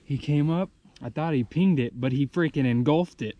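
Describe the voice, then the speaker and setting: A man from Texas filming himself bass fishing by a lake dam, talking breathlessly and exclaiming at a big catch, shaky with excitement. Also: normal speed. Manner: breathless, exclaiming, talks to the fish. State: shaking with excitement. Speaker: fishing vlogger. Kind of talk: excited outdoor commentary. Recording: dull lo-fi outdoor audio with faint noise.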